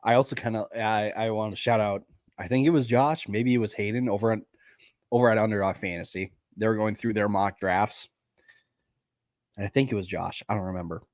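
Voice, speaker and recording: A man co-hosting a podcast, chatty and quick with his opinions in casual conversation. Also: lowish voice, fairly even intonation, no room sound. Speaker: podcast co-host. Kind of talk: casual draft-reaction chat.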